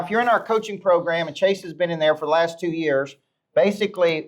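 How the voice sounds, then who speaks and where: A middle-aged man, a business coach, giving a punchy motivational talk to a live audience and peppering them with rhetorical questions. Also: high-pitched.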